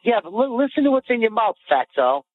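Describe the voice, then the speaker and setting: A man co-hosting a podcast, telling boastful stories in animated, casual banter and quick to get riled. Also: high voice. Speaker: podcast co-host. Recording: phone-like lo-fi audio.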